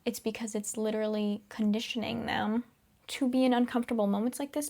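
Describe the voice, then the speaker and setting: A woman's voice: medium pitch, vocal fry. Chatty young woman giving self-help talk. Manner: chatty and upbeat, laughs often, drops to whispers. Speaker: podcast host.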